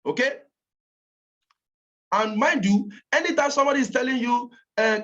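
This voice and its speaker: A woman's voice: fairly high pitch, normal speed, pauses often, fairly bright tone. Emphatic Nigerian woman coaching trainees. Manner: emphatic, repeats points for stress. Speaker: campaign trainer. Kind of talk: motivational training talk. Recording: dull lo-fi recording.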